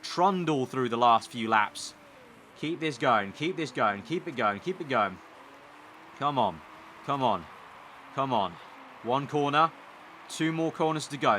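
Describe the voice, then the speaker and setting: A young man from the United Kingdom commentating on his racing management gameplay, talking excitedly and pleading with the screen. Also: a little high, measured pace, a little hiss or hum. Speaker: gaming YouTuber. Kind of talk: let's play commentary.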